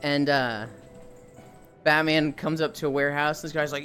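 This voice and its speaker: A woman's voice: a bass voice, fairly even intonation, a little fast, a bit bright. A woman streaming, chatting casually and telling stories animatedly, swearing freely. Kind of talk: casual chat. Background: faint music.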